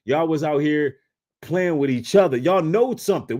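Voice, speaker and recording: A man commentating on video clips in a casual, mocking way, swinging between low mutters and loud outbursts. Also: expressive, moderate pace.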